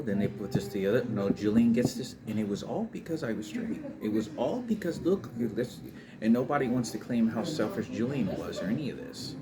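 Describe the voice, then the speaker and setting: A man telling a rambling, emotional personal story about his family, with many restarts and fillers. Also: lowish voice. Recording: noisy background ambience.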